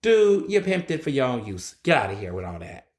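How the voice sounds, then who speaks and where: A man's voice: lowish voice, very animated, fast, roomy sound, slight background noise. A man hosting his own solo podcast, ranting bluntly and with plenty of profanity. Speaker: podcast host. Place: recording in Philadelphia.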